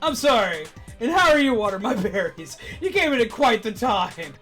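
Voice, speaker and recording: A woman hosting a game stream in loose, profane, animated chat. Her voice sits high and sounds bright, with faint game music playing under it. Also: moderate pace. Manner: animated, swearing, laughing ranting. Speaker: streamer host. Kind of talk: casual ranting chat.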